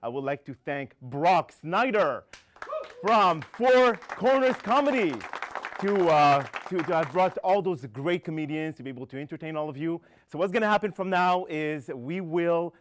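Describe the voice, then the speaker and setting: A man hosting a comedy show, telling quick jokes and loosely rambling through announcements, laughing along. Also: fairly high pitch, lively intonation, background noise. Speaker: show host.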